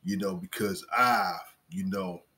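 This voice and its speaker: A man with a very low voice talks about scripture with his wife in a relaxed discussion. His speech is halting and packed with fillers, and his tone has a husky edge. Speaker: co-host, husband. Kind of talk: casual Bible discussion.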